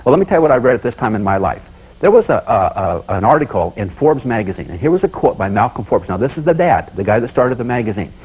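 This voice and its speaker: A man from the United States giving a motivational talk, in the manner of a folksy storyteller. His speech comes quickly and his voice is husky. He is animated and often circles back to repeat a point. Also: medium pitch, poor audio. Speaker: seminar speaker.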